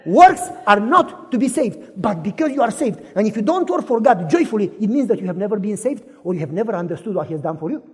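A man with a very high, husky voice preaches a sermon, acting out little scenes in different voices and asking the crowd questions. His pitch swings in a lively way. The sound carries the long reverb of a large hall. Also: fast, few pauses. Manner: animated, acts out dialogue in voices, asks audience questions.

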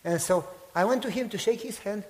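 Male pastor, high-pitched, animated loud-to-hushed delivery, echoing hall. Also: fairly quick. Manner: animated storytelling, acts out quotes, swings from loud to hushed. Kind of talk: sermon with storytelling.

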